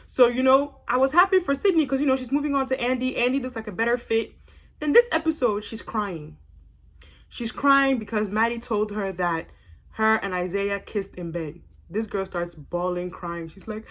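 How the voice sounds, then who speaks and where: Young woman vlog host, gossipy and animated, fairly high voice, casual review chat. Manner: gossipy, animated, exclaiming with quick asides. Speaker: YouTube reality-TV reviewer.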